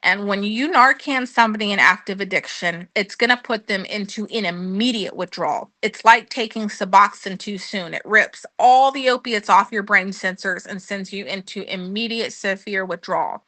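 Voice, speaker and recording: A woman telling her own testimony in an earnest, conversational way, with many ums as she goes. Her voice is bright and clear, and it sits close and dry on the mic. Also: medium pitch, normal speed, few pauses, no room sound. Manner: earnest storytelling with frequent ums, acting out her own past words. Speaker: guest sharing her testimony.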